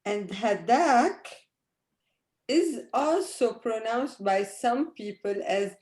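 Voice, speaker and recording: A woman teaching a language lesson online, drilling words with her students slowly and patiently. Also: fairly high pitch, expressive, a little mellow. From Arab world. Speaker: Arabic teacher.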